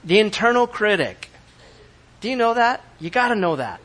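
A middle-aged male pastor preaching a sermon, animated and often acting out quoted voices. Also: sits high, normal speed.

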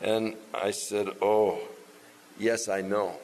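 A man preaching, telling a personal story and acting out the dialogue with lively changes of tone. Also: fairly low pitch, slow pace, a little hiss or hum, rough recording. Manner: animated, acts out quoted dialogue. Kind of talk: sermon storytelling.

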